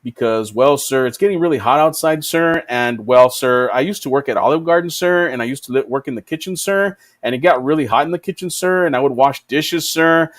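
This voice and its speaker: A man voicing an oddly polite adult male customer who tacks "sir" onto every phrase in a flat, formal way. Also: medium pitch, fairly quick, few pauses, lightly acted. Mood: eerily polite.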